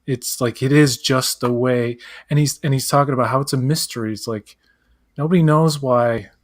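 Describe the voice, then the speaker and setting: A man's voice: medium pitch, fairly even intonation, normal speed. A man co-hosting a live pop-culture chat, rambling, acting out quotes and searching aloud for names. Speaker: co-host. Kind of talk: casual chat.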